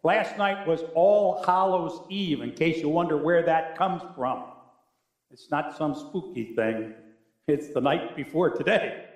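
A middle-aged male pastor delivers a sermon in a slow, deliberate cadence, leaning into long pauses before lifting his voice. His voice sits a little high for a man. The sound rings through an echoey church sanctuary. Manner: slow, earnest preaching with dramatic pauses and swells.

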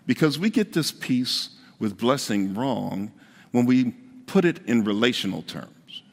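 A man's voice: medium pitch, very animated, measured pace, gravelly, big-room sound. A man preaching a conversational sermon as pastor, repeating his key points for emphasis.

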